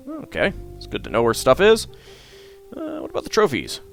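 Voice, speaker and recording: A man's voice: on the high side, huge pitch swings, normal speed, vocal fry. A man hosting a let's play, casual and self-deprecating, reading game text and commenting over faint guitar music.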